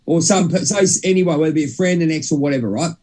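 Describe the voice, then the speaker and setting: A man's voice: fairly high pitch, rapid-fire, darkish tone. A young man, co-hosting a casual spiritual chat, rambling and cutting himself off mid-sentence. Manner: rambling, self-interrupting, swears mildly. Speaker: podcast co-host.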